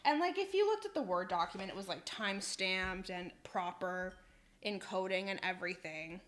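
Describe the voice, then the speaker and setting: A woman's voice: mid-range voice, expressive, normal speed, a bit bright, a little hiss or hum. A young woman in her twenties live-streaming from her kitchen, telling stories with lots of laughter and swearing. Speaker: cooking streamer. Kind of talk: casual live-stream chat. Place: home kitchen.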